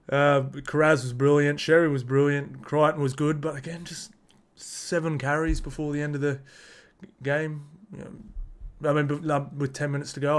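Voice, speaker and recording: Blunt, slangy Australian man ranting about sport. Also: a little high. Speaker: sports podcast host. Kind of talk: casual sports review rant.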